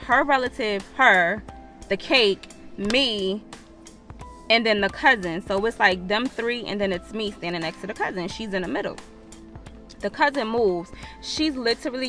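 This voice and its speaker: A woman's voice: medium pitch, a bit bright. A woman vlogger, telling a storytime with profanity and acted-out quotes. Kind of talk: storytime vlog.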